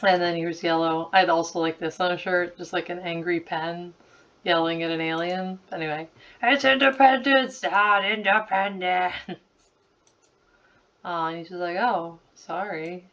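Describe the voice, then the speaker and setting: A woman around thirty talks in a lowish voice, loose and chatty, with giggles and a steady stream of "like" fillers. This is casual screen-recording commentary captured on a computer mic. The sound is slightly muffled and lo-fi. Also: a little fast, smooth, far from the mic. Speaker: creator revisiting her childhood slideshows.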